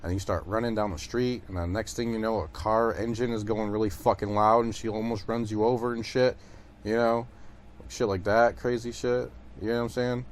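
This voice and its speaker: A man's voice: on the low side, steady tone, normal speed, a little hiss or hum. A young man from Detroit hosting a podcast, telling stories in a rambling, profane monologue full of fillers. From Detroit, USA. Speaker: podcast host. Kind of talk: casual monologue.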